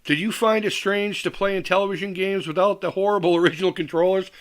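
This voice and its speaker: A man's voice: high voice, steady tone, fast talker. A middle-aged man hosting a live chat stream, reading comments aloud and ranting with heavy profanity and frequent laughs. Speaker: livestream host.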